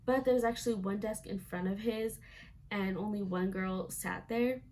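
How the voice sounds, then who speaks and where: A woman's voice: medium pitch, fairly even intonation, moderate pace, darkish tone, a little hiss or hum. A young woman vlogger telling a casual storytime, chatty and full of "like" fillers, acting out quoted lines.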